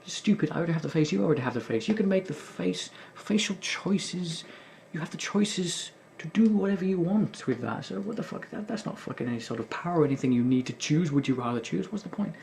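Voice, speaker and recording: A man's voice: fairly high pitch, animated, fast, creaky, a little mellow, slight background noise. A young man hosting a gaming video, rambling in casual sardonic commentary and swearing often. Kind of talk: casual commentary while playing.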